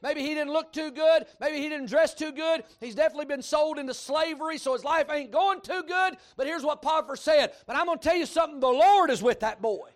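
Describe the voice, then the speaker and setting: A middle-aged man with a Kentucky accent delivers a sermon as pastor, with a strikingly high voice. He tells folksy stories in an animated way and rises into shouts. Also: brisk, hardly any pauses. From Kentucky, USA.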